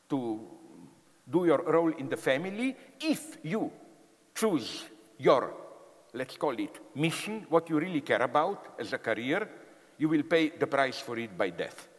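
A man giving a public lecture, emphatic and animated, with frequent fillers and restarts. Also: mid-range voice. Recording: long hall reverb.

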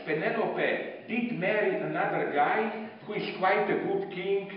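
A man giving an animated, digressive public lecture with many fillers. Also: high voice, a little hiss or hum. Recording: distant mic in echoey hall, dull sound.

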